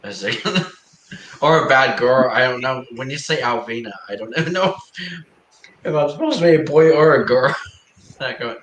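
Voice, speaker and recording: Man, stream host, bright tone, playful chatter with plenty of laughs, roomy echo. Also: mid-range voice, moderate pace, long pauses. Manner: laughing, joking, reads chat aloud. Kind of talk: casual chat. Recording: echoey room with faint ambient noise.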